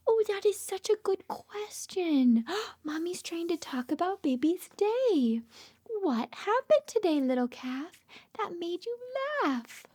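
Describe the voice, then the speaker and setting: A woman reads a bedtime picture book to little ones in a very high, bright-toned voice that swoops up and down with lively inflection. She speaks slowly and gently, often dropping into a soft whisper. She keeps pausing to coax the child with questions. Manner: coaxing, asks the child many questions. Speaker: speech therapist reading aloud. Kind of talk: bedtime story read-aloud for young children.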